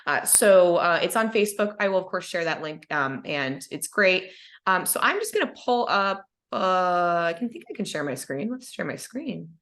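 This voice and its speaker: A woman's voice: fairly low pitch, big pitch swings, normal speed, fairly bright tone. A woman hosting a podcast over a video call, chatting casually in a rambling way with many ums and uhs. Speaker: podcast host. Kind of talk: casual chat.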